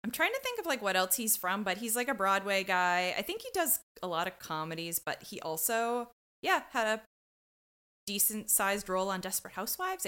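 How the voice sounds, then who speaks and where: A woman's voice: mid-range voice, bright, forceful tone, clean tone. A woman co-hosting a podcast, recapping an episode in casual chat with playful joking asides. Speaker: podcast co-host.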